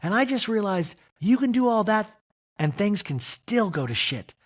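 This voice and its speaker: A man's voice: high voice, very animated, normal speed, voice pushed up. A man voicing an irritated, defiant middle-aged reality-TV wife in a mockingly dramatic way.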